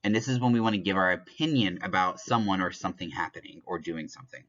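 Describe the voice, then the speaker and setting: A man's voice: low-pitched, fast, a bit bright. A man teaching a recorded lesson, explaining step by step and adding offhand jokes. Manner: explains step by step, switching between French examples and English glosses; offhand asides and small jokes. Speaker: French teacher. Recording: dull lo-fi recording.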